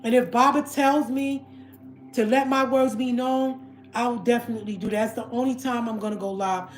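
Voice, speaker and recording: A woman's voice: on the high side, fairly even intonation, normal speed, faint music behind. Heated woman livestreamer in an echoey room. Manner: heated, repetitive, addresses viewers as family. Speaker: livestream host. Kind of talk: emotional livestream rant.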